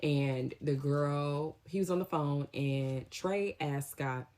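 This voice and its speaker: A young woman with a low, deep-set voice tells a story casually to her viewers. She talks in a slangy, animated way and jumps into lively acted-out quotes. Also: takes it slowly. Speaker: storytime vlogger.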